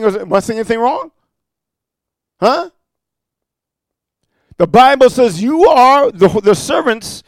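A man preaching a sermon, moving from quiet storytelling to loud rebuke, filling it with amen and rhetorical questions. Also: high voice, no echo. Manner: frequent amen and rhetorical huh.

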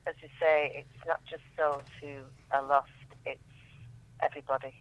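A woman reading her own poems aloud in a measured, solemn way, then chatting about them. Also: sits low, flat delivery, dull audio. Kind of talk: poetry reading and radio chat.

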